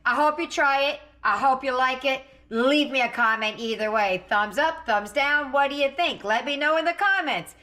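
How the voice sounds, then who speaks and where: A middle-aged woman hosts her home cooking channel in a chatty, giggly, homey way. Her voice is bright and sits a little high. The room around her sounds echoey and hard. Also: moderate pace, few pauses. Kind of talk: casual chat while taste-testing food.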